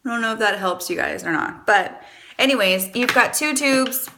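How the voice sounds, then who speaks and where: A woman's voice: on the high side, animated, normal speed, noisy background. A woman chatting casually through a makeup tutorial, rambling and poking fun at herself. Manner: chatty, rambling, self-deprecating. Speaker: beauty vlogger.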